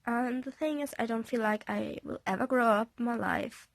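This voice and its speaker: Young woman, shaken after a panic attack, halting, apologetic, soft half-whisper, raspy fry, dry close sound. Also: fairly high pitch, no room sound. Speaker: vlogger. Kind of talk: confessional personal vlog. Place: indoors, on a bed in a bedroom.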